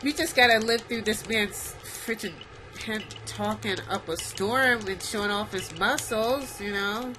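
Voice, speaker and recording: A woman hosting her own gaming video, giving casual, excitable commentary as she plays, laughing often and talking to herself. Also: mid-range voice, measured pace, background noise. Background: game music.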